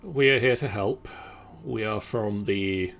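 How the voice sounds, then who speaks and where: A man's voice: on the low side, vocal fry, a bit bright, faint music behind, full character voice. A man voicing an earnest human soldier from a town militia, trying out an accent he admits he can't do. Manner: slow, dutiful, clumsily attempted accent.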